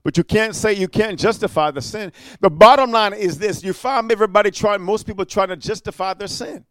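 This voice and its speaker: A man preaching a fiery evangelistic sermon, emphatic and full of "amen" and "huh?", swinging from quiet asides to loud declarations. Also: high-pitched, fairly quick, no echo.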